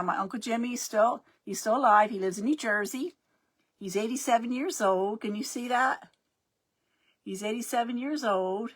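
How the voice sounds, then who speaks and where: A middle-aged woman hosting her crafting livestream, chatting casually and greeting viewers by name as they join. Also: mid-range voice. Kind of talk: casual live-stream chat.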